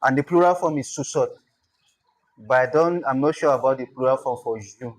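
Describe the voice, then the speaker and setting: A man with a Nigerian accent, a native Tyap speaker, patiently teaching a language lesson and pausing to repeat and demonstrate sounds. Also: medium pitch. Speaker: language instructor.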